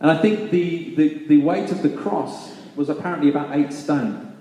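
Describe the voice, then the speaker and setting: A man preaching a sermon, reading scripture and then reflecting on it with restarts and pauses. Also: a little high, warm tone. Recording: echoey hall reverb.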